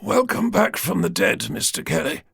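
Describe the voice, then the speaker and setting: Man playing a dying old king, croaky, strained, weak, dry recording. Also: high voice, expressive, moderate pace, fairly bright tone, dry recording, voice pushed up, heavily acted.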